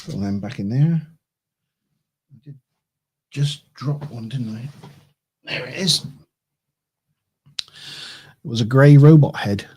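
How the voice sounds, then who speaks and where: A man's voice: medium pitch, expressive, takes it slowly, pauses often, mellow, breathy edge. A man chatting casually on a livestream as he builds a model kit, thinking aloud, chuckling and correcting himself as he goes. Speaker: streamer.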